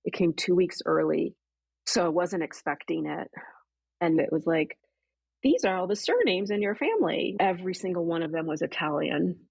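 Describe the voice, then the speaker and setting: Husky, gravelly woman telling her story. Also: fairly low pitch, normal speed, no room sound, poor audio. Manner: earnest, animated retelling with quoted inner thoughts. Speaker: podcast guest. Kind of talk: emotional personal storytelling.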